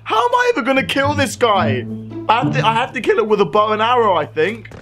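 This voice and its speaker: A young man commentating his gameplay, excitable, often yelling, laughing and swearing. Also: high-pitched, quick pace. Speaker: gaming commentator. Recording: game music behind the voice. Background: game music.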